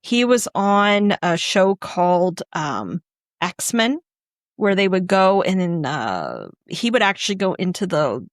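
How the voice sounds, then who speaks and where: A woman's voice: lowish voice, sing-song, slow pace, dry recording. Chatty woman, dry close sound. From Northwestern Pennsylvania. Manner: rambling, chatty, full of restarts. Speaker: podcast co-host. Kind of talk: casual chat.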